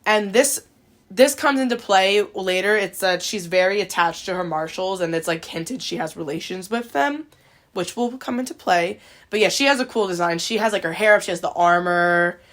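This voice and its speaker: Chatting about a video game on a podcast she co-hosts, this woman has a mid-range, somewhat bright voice and a normal pace. Her talk is casual and loaded with "like".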